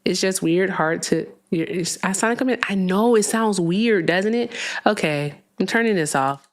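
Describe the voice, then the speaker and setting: A woman's voice: mid-range voice, normal speed. A woman hosting a live call-in stream, talking casually and chattily, swearing freely and often laughing, speaking into a headset mic. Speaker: livestream host. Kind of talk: casual livestream chat. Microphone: headphones with mic at a streaming desk.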